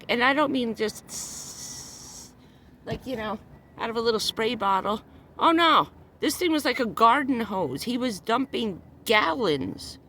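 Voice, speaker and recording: This vlogger's voice is fairly high and fairly bright. She's livestreaming from a parked car, launching into a furious, profanity-laced rant that keeps repeating itself as she gets upset and nearly cries.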